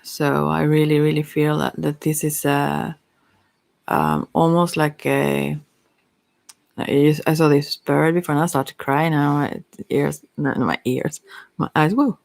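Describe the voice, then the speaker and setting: A softspoken ASMR psychic with Swedish as a first language, giving a halting, hesitant chakra reading while teary-eyed. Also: mid-range voice, expressive, gravelly. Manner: halting, hesitant, with many fillers. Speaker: psychic card reader.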